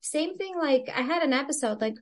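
High-pitched, expressive and fairly quick, a Christian stress coach chats as a podcast guest in a casual interview. She muses aloud in a chatty, reflective way, saying "like" a lot.

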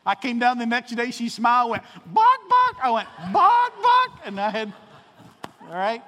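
Man, high bright voice, animated sermon storytelling, long hall reverb. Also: normal speed. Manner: animated, acts out dialogue with voice changes. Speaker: preacher.

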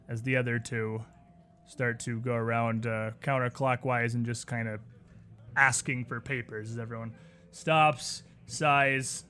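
A man narrating a tabletop role-playing game as game master, in a relaxed, rambling way. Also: medium pitch, slight background noise.

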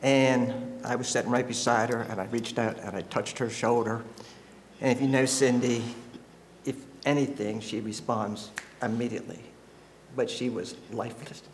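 A man stands before his congregation and tells a personal testimony. His voice is ordinary in pitch, and his telling is emotional and halting. He often breaks into laughter as he goes on. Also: fairly even intonation, a little hiss or hum. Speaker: church member giving a testimony.

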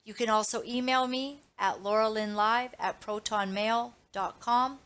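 A woman's voice: on the high side, steady tone, unhurried, a bit bright, clean tone. A woman hosting her own Christian commentary show, talking straight to her viewers in an emphatic, indignant, preachy way. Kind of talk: impassioned live commentary.

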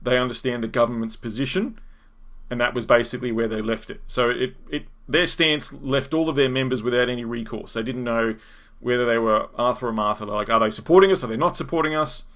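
An Australian man hosting a podcast, telling a story in lively casual commentary and acting out what people said. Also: mid-range voice, brisk. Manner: animated storyteller, acts out quotes, chuckles. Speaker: podcast host.

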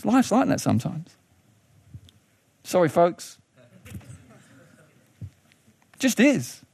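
A man preaching a sermon, telling a story with lively restarts and questions. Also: slow, vocal fry, breathy edge. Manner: animated storytelling, rising pitch in questions; frequent restarts and thinking aloud.

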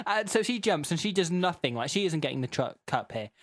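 A man's voice: sits high, big pitch swings, moderate pace, fairly bright tone, dry recording, clean studio sound. Sarcastic man, laughing recap. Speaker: podcast co-host. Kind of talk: comedic recap chat.

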